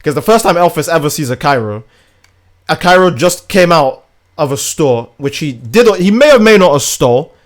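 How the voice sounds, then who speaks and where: A man's voice: fairly high pitch, animated, normal speed. A young man streaming a game, chatting casually in a rambling, crude, joking way. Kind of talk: casual livestream chat while gaming.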